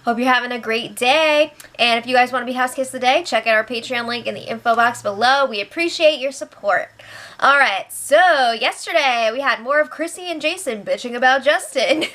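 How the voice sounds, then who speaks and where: A woman's voice: on the high side, normal speed, pushed and bright. A woman hosting a casual spoilers recap to camera, chatty and giggly as she acts out what others said. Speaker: host of a reality show recap channel.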